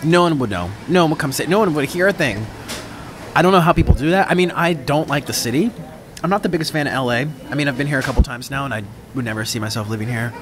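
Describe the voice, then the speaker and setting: A mukbang vlogger eats on camera while telling a rambling, dramatic story casually into his own microphone, chatty and interrupting himself. His mid-range voice is animated and fast, with a crowd audible in the background.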